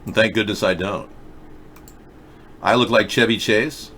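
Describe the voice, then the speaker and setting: A man's voice: fairly low pitch, steady tone, unhurried, a bit bright, slight background noise. A middle-aged man hosting a live video chat show, reading viewer comments and rambling through sarcastic jokes and asides.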